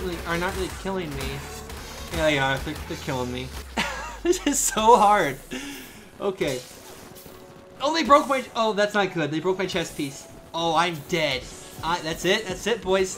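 Excitable young man narrating his gameplay. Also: high voice, moderate pace. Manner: excitable, frequent exclamations and laughs. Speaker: gaming channel host. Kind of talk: live gameplay commentary. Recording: faint game music behind.

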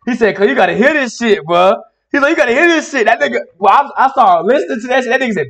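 A young man hosting a casual basketball reaction video, talking in animated, slangy street speech full of swearing. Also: rapid-fire, creaky. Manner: animated, swearing, slangy street talk, rising to high shouts.

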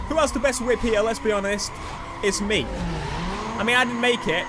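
A young man giving excitable let's-play commentary on a racing game, shouting at rivals as he drives. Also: very high voice, a little fast. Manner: excitable, yelling at rivals mid-race. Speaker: gaming YouTuber. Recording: game music and engine noise behind.

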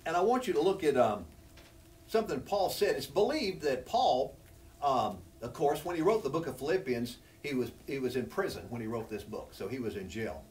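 Teaching from scripture, a preacher speaks earnestly and conversationally, his voice climbing as he drives a point home and the congregation answering back. He has a mid-range, somewhat mellow voice that's animated and at normal speed, captured on a distant mic.

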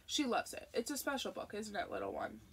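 A woman's voice: medium pitch, huge pitch swings, brisk, a bit bright, slight background noise. A woman voicing an older, doting grandfather with a storybook manner.

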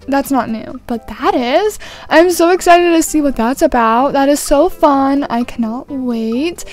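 A high-voiced woman chatting through a video game with bubbly, breathless excitement. Faint game music plays behind her as she narrates what she finds. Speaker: gaming YouTuber. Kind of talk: casual gameplay commentary.

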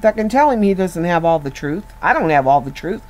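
A woman's voice: lowish voice, big pitch swings, a little fast, a little mellow, poor audio. A woman giving an informal Bible teaching in an earnest, conversational way, often restarting and repeating words as she goes.

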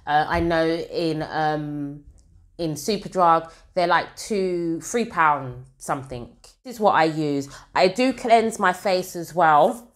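A woman's voice: low voice, slow. A woman from the UK talking casually to camera as a beauty vlogger, chatty and rambling with lots of fillers and asides. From United Kingdom.

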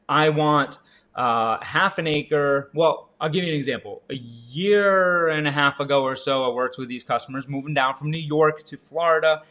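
A man in his thirties giving an energetic sales coaching talk, jumping up in pitch for emphasis and asking the listener questions. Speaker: real estate agent and sales coach. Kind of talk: motivational sales talk to camera.

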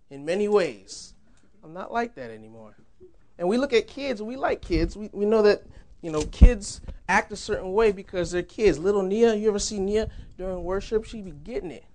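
A man's voice: high voice, a little mellow. A young man giving a sermon in a church, conversational and humorous, laughing often. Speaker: preacher.

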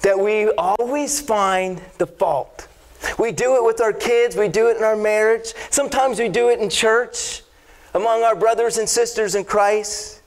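A man's voice: high voice, unhurried. A male pastor giving a conversational, humorous sermon in a church, telling a joke and speaking directly to the congregation. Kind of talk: sermon with storytelling.

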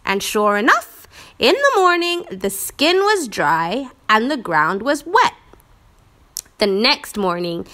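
A woman teaching a church lesson, telling a Bible story in a slow, expressive storytelling manner. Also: fairly high pitch.

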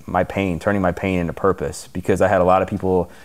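A man's voice: sits low, little pitch movement, quick pace. A man, a fitness coach, answering interview questions in an earnest, open way with lots of "like".

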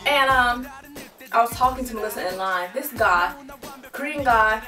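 A woman's voice: on the high side, moderate pace. Chatty young woman with a Georgia accent. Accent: Southern American, Georgia. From Georgia, USA. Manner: animated and chatty, talking straight to the viewer. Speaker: vlogger. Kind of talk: casual vlog chat. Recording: roomy, mic at a distance, music behind.

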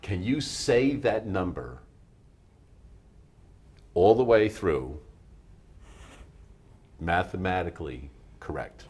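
A low, husky male voice belongs to a math show host speaking in a TV studio. He teaches patiently, walking a young student through each step. He keeps checking in with an easy "all right?". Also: big pitch swings, slow, pauses often, darkish tone. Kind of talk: friendly classroom-style teaching.

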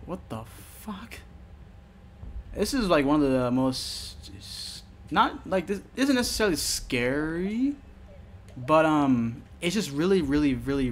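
A man's voice: a little high, a little hiss or hum. Swearing, jumpy young gamer guy. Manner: swearing, jumpy and excitable, yelps when startled. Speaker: let's play gamer. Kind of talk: casual horror game commentary.

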